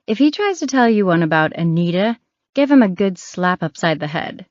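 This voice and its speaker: Woman narrator voicing female private investigator, sharp-tongued, dry wit, slightly low voice. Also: very animated, normal speed, no room sound, dull audio. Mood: wry.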